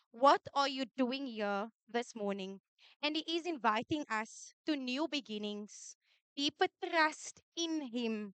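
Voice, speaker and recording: High-voiced woman preaching. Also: smooth, dry recording. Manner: switches between English and Afrikaans, repeats key lines for emphasis. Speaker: church speaker giving a welcoming message. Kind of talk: sermon. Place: church service.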